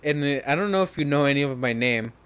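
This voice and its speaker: A man's voice: medium pitch, lively intonation, quick pace, fairly bright tone, clear, resonant tone. A young man in a casual podcast chat, laid-back and laughing, swearing often.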